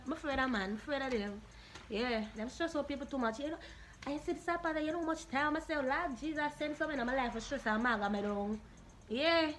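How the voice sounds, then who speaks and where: Jamaican woman, high voice, blunt animated vlog answers, faint room noise. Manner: animated, blunt, Patois-laced storytelling. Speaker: YouTuber answering viewer questions. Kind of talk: casual Q&A vlog.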